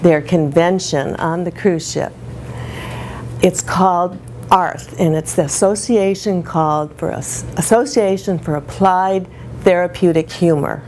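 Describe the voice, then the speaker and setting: A woman's voice: lowish voice, measured pace, a little mellow, slight background noise. A woman over sixty giving a comic talk to a live audience, telling self-mocking stories and laughing along. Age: older. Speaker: speaker performing a comic character talk.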